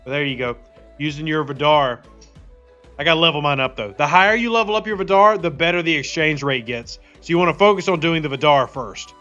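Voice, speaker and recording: Upbeat male streamer, fairly high voice, chatty with viewers; slightly dull audio, faint music under. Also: brisk, pushed and bright. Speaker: game streamer. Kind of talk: casual live-stream chat.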